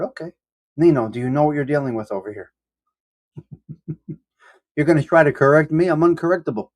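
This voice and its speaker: A man's voice: a little high, vocal fry, darkish tone. A man hosting a casual live-stream coffee chat, rambling and self-deprecating as he greets viewers by name. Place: indoors at home.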